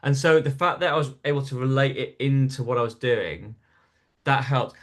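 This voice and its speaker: Man, comedian, from north east england, lively storyteller, stumbles and restarts. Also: medium pitch, normal speed. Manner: animated anecdote telling with frequent restarts. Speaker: stand-up comedian, podcast guest. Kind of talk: storytelling in casual interview.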